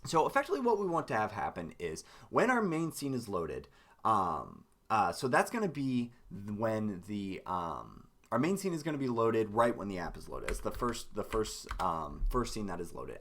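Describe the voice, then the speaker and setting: Raspy-voiced man coding on a live stream. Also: fairly low pitch, huge pitch swings, fairly quick, fairly bright tone. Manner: rambling, hesitant, many ums and restarts. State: hoarse with a cough, lower energy. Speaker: game dev streamer. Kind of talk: live coding tutorial, thinking aloud.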